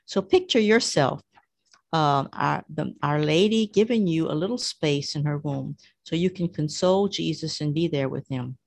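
A woman's voice: low-pitched, moderate pace, creaky, no echo. A woman reading a devotional text aloud and reflecting on it for listeners. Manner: reads aloud, then explains to listeners. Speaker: devotional reader.

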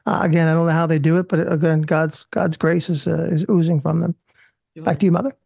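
A man's voice: a little high, little pitch movement, a little fast, vocal fry, dark tone, breathy edge, no echo, studio quality. A man hosting a religious talk program, friendly and chatty, often repeating his words as he starts. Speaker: host. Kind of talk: casual talk show hosting.

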